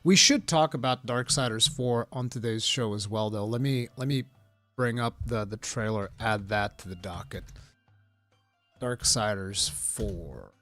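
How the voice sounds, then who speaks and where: A man's voice: on the low side, measured pace, dry recording, faint music behind. A man hosting a casual live stream, rambling through gaming news and reading chat aloud. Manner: rambling, reads chat aloud, bursts of laughing excitement.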